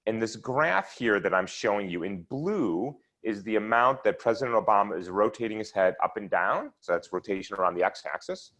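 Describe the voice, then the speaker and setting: Talking at normal speed with hardly any pauses, this man has a fairly low, fairly bright voice and lively intonation. He presents research in an online seminar lecture, carefully explaining each slide and chart in sequence.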